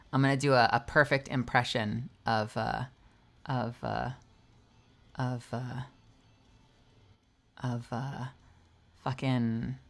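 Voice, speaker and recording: A woman's voice: very deep voice, fairly bright tone. A young woman streaming and chatting casually, rambling and making self-mocking jokes. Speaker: streamer and voice actor. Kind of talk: casual live-stream chat.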